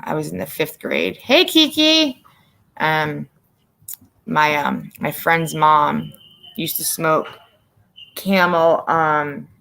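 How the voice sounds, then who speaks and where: A woman's voice: deep voice, vocal fry, fairly bright tone. A middle-aged woman from the northern US hosting a casual livestream chat, rambling with lots of fillers. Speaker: livestream host.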